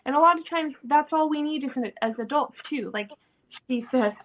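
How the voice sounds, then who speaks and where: Woman, high voice, casual podcast chat, acts out quotes, laughs often, tinny phone-like audio. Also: normal speed. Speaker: podcast host.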